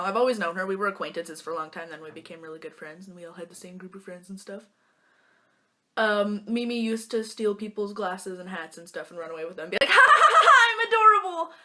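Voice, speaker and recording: This young vlogger has a somewhat low, slightly bright voice. Sitting in a small room under lamplight, she jokes around while recounting stories to a phone camera, mimicking her friends in goofy voices.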